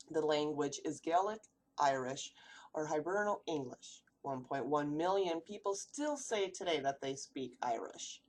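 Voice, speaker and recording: A woman's voice: sits low, a little mellow. A woman from the United States giving a read-aloud class presentation, asking rhetorical questions as she goes. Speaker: student presenter.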